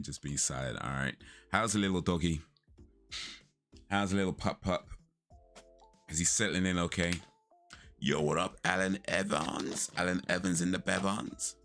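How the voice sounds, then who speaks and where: Deep-voiced guy rambling on a live stream, keeps correcting himself, lo-fi music faint behind. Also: a bit bright. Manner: rambling, self-correcting, laughs often. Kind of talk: casual chat with live viewers.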